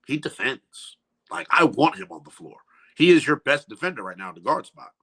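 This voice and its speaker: Bright, animated man talking basketball. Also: a little high, fairly quick, vocal fry, husky. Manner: animated, slangy, emphatic. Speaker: guest analyst. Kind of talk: casual sports podcast chat. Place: studio.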